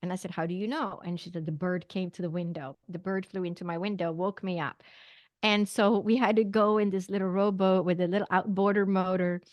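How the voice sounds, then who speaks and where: A woman's voice: mid-range voice, steady tone, fairly quick, no echo. A middle-aged woman from Sweden, a podcast guest telling a personal story with lots of fillers and acted-out quoted dialogue.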